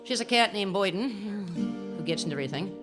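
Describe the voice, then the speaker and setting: A woman's voice: medium pitch, animated, fairly quick. A woman folk singer chatting wryly between songs at a convention concert, laughing at herself as she introduces her pieces. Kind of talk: casual stage patter between songs. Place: indoor convention concert room. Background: guitar being strummed and tuned.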